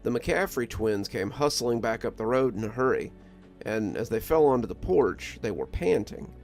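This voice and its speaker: A man reading a scripted first-person story in a calm, measured manner. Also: mid-range voice, creaky. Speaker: narrator. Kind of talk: scripted horror story narration. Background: soft music.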